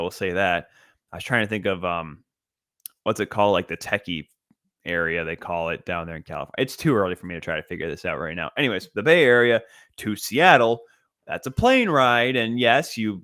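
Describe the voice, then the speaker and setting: Chatty low-voiced man recapping hockey. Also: no echo, studio quality. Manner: energetic, chatty play-by-play recapping with asides and restarts. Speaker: podcast host. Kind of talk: solo sports podcast recap.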